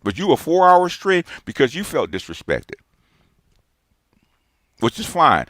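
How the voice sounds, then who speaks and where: A man's voice: on the high side, very animated, measured pace, a bit bright, dry recording, studio quality. A man in his sixties gives a ranting, lecturing response monologue as a streamer, emphatic and repeating his points. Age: 60s.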